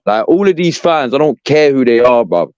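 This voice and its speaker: A man's voice: medium pitch, big pitch swings, normal speed, a little mellow, clear, resonant tone, dry recording. A young man ranting as a podcast co-host, profane and exasperated, saying "bruv" constantly. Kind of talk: heated fan rant. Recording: dull, dry lo-fi sound.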